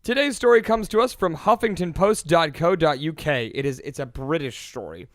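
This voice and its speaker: A man with a fairly high voice reads a news story for a comedy podcast in a mock-serious anchor tone. He stays deadpan and self-important throughout. The sound is close and dry, with no room around him. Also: normal speed, dry recording. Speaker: podcast co-host reading a news segment.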